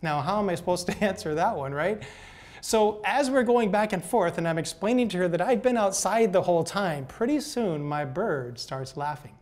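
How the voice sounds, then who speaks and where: An older man giving a motivational talk, telling gentle, folksy stories and often repeating words as he goes. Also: sits high, animated, normal speed. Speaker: speaker.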